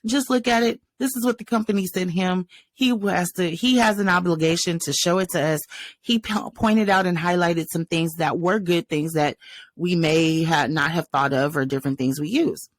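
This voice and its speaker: A woman's voice: on the low side, normal speed, dry recording. A woman co-hosting a podcast, telling a work story with laughs and acting out what others said. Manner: animated, retells a workplace story acting out others' lines. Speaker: podcast co-host. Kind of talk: casual storytelling chat. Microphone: podcast microphone.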